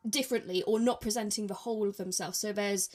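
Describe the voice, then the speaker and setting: A woman priest co-hosting a casual podcast, explaining in a measured way and trailing off softly. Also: medium pitch, steady tone.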